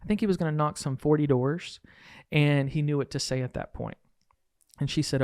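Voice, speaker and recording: Animated male podcast storyteller, dry sound. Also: fairly high pitch, fairly quick, dry recording. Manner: animated storyteller acting out quoted dialogue. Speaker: podcast host and real estate coach.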